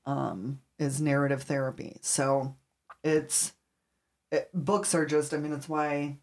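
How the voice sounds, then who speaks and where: A woman therapist in casual podcast chat, emphatic and animated when telling stories. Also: sits low, takes it slowly. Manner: animated storyteller, emphatic lists. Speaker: therapist, co-host.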